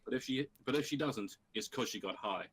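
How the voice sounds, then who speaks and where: A man's voice: medium pitch, brisk, fairly bright tone, husky. A man teasing the host in sarcastic, sweary banter during a game stream. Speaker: player. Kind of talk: casual stream chat.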